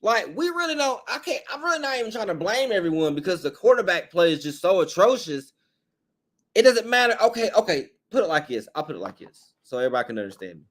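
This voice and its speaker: A man, his voice a little hoarse, hosting a sports podcast with a blunt, frustrated fan rant. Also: high-pitched, very animated, fast. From Tennessee, USA. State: slightly hoarse.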